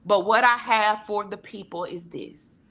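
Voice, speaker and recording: A woman's voice: medium pitch, unhurried, fairly bright tone. A woman giving a heartfelt, emphatic testimony on a video call, preacher-like in her delivery and acting out the voices she quotes. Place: virtual town hall video call.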